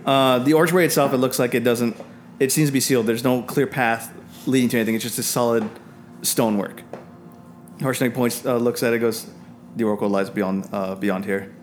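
A man's voice: medium pitch, steady tone, faint music behind. Man running a tabletop game. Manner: halting, with many fillers and restarts. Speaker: dungeon master.

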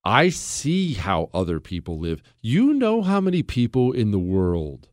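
A man hosts a talk radio show, joking at his own expense with a sarcastic edge. His pitch swings widely, and the studio sound is dry and close. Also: huge pitch swings, a little slow, no echo. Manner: sarcastic, self-mocking joking.

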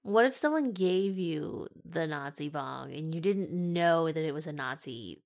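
A woman's voice: low-pitched, animated, a little slow, a little mellow. A woman co-hosting a podcast, playful and giggly, spinning out hypothetical scenarios. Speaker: podcast co-host. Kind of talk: casual podcast chat.

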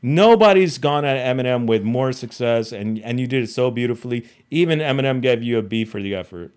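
A man co-hosting a comedy podcast, trading loose banter and mock-serious shout-outs. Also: medium pitch, lively intonation, fairly quick, smooth. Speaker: podcast co-host.

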